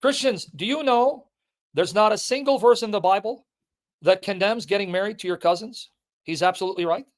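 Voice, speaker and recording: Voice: mid-range voice, a little fast. A speaker in a played clip, emphatically and repetitively addressing his viewers. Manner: emphatic, repetitive, insistent, addressing the audience directly.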